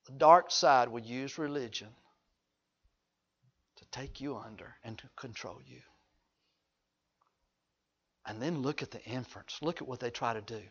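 A man preaching a sermon, swinging from hushed low asides to loud, high-pitched exhortation. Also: unhurried, pauses often, husky, highs cut off. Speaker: pastor.

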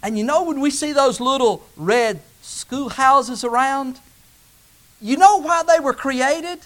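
A man preaching a sermon, swinging from loud, rising calls to hushed, low asides. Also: slow.

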